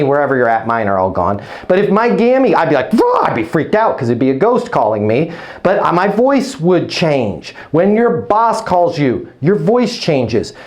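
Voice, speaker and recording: A man coaching salespeople in a blunt, emphatic way, with casual swearing. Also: high-pitched. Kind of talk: coaching session.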